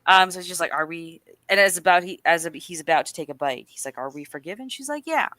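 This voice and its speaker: A woman's voice: fairly low pitch, fast, no room sound. A woman casually recapping a film on a livestream podcast, acting out the characters' lines as she tells it. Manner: animated storytelling, acting out quotes. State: a little nervous.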